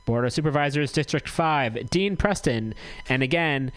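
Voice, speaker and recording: A man's voice: mid-range voice, moderate pace, a bit bright, no echo, rough recording. Man, radio host, casual and chatty, self-correcting, dry close sound. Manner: chatty, self-correcting, reads notices aloud. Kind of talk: casual community radio talk.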